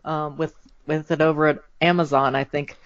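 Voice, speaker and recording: A woman's voice: low voice, flat delivery, normal speed, dry recording. Chatty woman author, dry muffled sound. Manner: laughs often, chatty. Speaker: author guest. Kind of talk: casual podcast chat.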